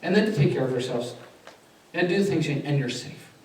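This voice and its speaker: A man speaking as a chaplain at a conference, telling a story with lively acted-out dialogue. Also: fairly high pitch, fairly quick. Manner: animated storyteller acting out a child counseling session. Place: conference hall. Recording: echoey hall, far from mic, faint noise.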